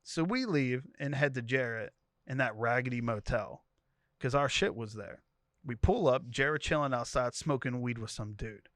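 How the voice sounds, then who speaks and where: A man's voice: mid-range voice, fairly bright tone, no room sound. A man co-hosting a podcast, reading a profane story thread aloud and quoting each character in turn. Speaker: podcast co-host.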